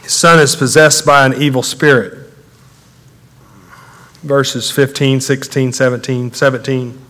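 A man preaching a sermon as a pastor, conversational and animated, his intensity building as he talks. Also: mid-range voice, unhurried. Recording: echoey hall with long reverb.

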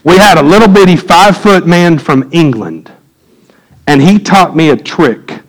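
A man's voice: lively intonation, measured pace, poor audio. Emphatic preacher man. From United States. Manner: emphatic preaching, swinging between loud peaks and low asides. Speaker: pastor. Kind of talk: sermon. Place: church sanctuary.

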